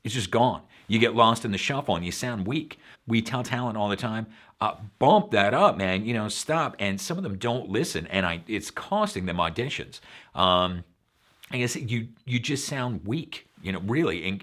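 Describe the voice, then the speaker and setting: A man's voice: medium pitch, a bit bright. A man from Long Island with a faint New York accent, hosting a show and giving frank, casual advice full of fillers. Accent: slight Long Island New York. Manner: frank, conversational, many fillers. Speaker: voiceover show host.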